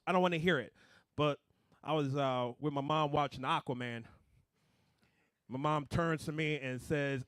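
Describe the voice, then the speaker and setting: A young man doing a stand-up comedy set, animated, swinging between mumbled asides and loud punchlines. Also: on the high side, clear, resonant tone, dry recording, studio quality.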